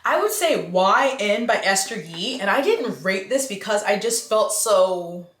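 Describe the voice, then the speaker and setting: A woman's voice: medium pitch, expressive, a little slow, a bit bright. Chatty woman reviewing books in an echoey room. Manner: chatty, frank, exaggerated reactions. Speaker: book reviewer. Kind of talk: casual chat to camera. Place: room at home.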